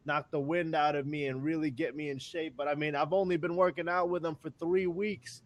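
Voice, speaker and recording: A man talking as a guest in a casual conversation, animated and repeating words with many fillers. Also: fairly high pitch, brisk.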